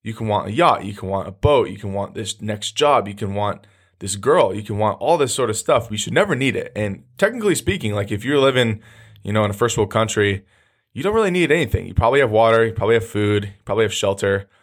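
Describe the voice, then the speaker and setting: Young male podcast host, slightly low voice, blunt and crude, rambling delivery. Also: lively intonation, fast. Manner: blunt, profane, emphatic; loose, with many restarts. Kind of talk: casual monologue.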